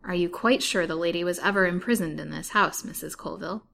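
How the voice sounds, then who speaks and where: A woman's voice: lowish voice, brisk, gravelly, a bit bright. A woman doing a formal, courteous detective. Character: courteous male detective, firm and gentle.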